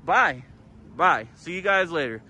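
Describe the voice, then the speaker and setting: A man's voice: a little high, expressive, unhurried, crowd noise. A man filming as an auditor, arguing and taunting police officers outdoors by a station, recorded on his own camera. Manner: confrontational, taunting, shouting at officers. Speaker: first amendment auditor. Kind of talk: heated street confrontation. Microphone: handheld camera.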